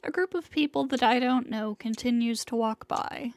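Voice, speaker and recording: A woman streamer reading a visual novel aloud in a dramatic, hushed way, sometimes sinking into whispers. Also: a little high, no room sound. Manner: slow and hushed, sinking into whispers in tense passages.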